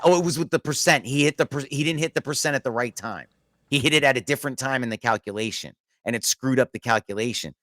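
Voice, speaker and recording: A man's voice: medium pitch, fairly bright tone, no echo. A middle-aged man hosting a podcast, telling a long story in casual chat, with frequent restarts and laughter. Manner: rambling, restarts often, laughs through the story. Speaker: podcast host.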